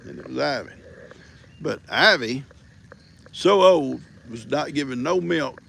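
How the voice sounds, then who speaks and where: A man's voice: medium pitch, lively intonation, measured pace, vocal fry, a bit bright, slightly rough. An older man, telling folksy stories and teasing his viewers in a casual livestream from a farm. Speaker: livestream host. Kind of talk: casual rambling storytelling.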